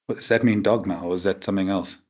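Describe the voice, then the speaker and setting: A man's voice: low-pitched, steady tone, quick pace, a little mellow. A South African man in his fifties, a guest on a talk show, telling stories frankly and tagging his sentences with "man" and "right?". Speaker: podcast guest. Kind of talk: candid conversational interview.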